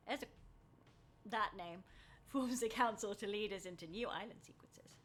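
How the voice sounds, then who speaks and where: A woman's voice: medium pitch, normal speed, a little hiss or hum. A woman streaming a video game, chatting casually, laughing at herself and reading the game's text aloud. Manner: chatty and self-mocking, often laughing.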